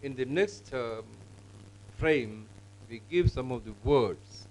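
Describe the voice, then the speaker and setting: A man demonstrating teaching software, explaining in a halting way with fillers and restarts. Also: medium pitch, lively intonation, slight background noise, rough recording. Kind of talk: live classroom software demonstration.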